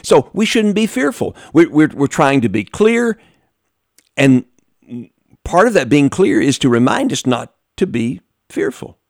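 A man's voice: very animated, measured pace, a little mellow, dry recording, studio quality. A man preaching a sermon in a folksy, emphatic way, with many restarts, talking straight to his congregation. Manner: emphatic, with big pitch swings, repeats and restarts; folksy, talks directly to the congregation.

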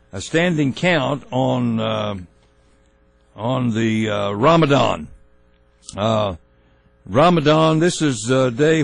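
A man hosting a talk radio show, giving opinionated commentary in a folksy, halting way with many fillers and restarts. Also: mid-range voice, gravelly, no echo, poor audio.

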